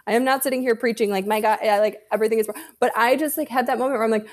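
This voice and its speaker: A woman's voice: a little high, steady tone, very fast. Candid woman telling stories. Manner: candid, storytelling, swears freely. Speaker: podcast guest. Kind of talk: casual chat.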